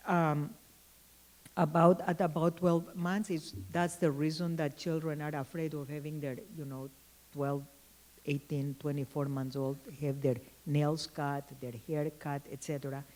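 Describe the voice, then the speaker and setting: A woman giving a conference keynote lecture, telling anecdotes in a thoughtful way with frequent pauses and restarts. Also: low voice, a little mellow, low-quality recording. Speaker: keynote speaker.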